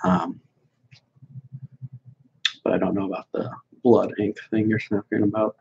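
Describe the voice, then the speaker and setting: Blunt, rambling man with a husky voice. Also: on the low side, animated, unhurried, a little mellow, dull audio. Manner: blunt, dismissive, rambling with many fillers. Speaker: host answering viewer questions. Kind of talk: casual livestream chat.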